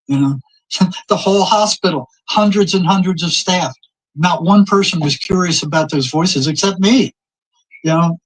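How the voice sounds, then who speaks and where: Older man, raised pitch, husky; rambling storyteller who acts out dialogue. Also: normal speed, rough recording. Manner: rambling anecdotes, repeats words, acts out quoted exchanges. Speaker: guest telling stories. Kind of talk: casual storytelling.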